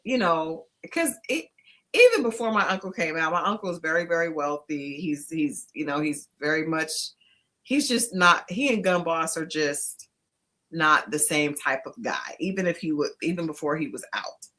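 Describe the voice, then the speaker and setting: A woman with a bright, forceful voice co-hosts a relaxed podcast chat. She tells her stories with lots of energy, laughs often and acts out other people's lines. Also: low-pitched, normal speed. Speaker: podcast co-host. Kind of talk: casual storytelling chat.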